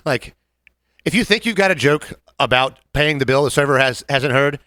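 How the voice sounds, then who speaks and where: A man co-hosting a casual podcast, telling bar stories in a quick, animated way and acting out his customers. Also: mid-range voice, no room sound, clean studio sound. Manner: animated, fast-talking, acts out customers in quick voices. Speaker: podcast co-host, bartender. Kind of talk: casual chat.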